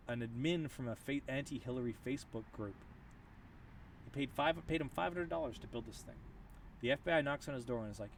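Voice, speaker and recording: A man chatting on a stream, telling stories with lots of restarts and stumbles. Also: medium pitch. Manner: animated storytelling with many restarts. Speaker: stream co-host. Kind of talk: casual chat. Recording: distant mic with light outdoor noise.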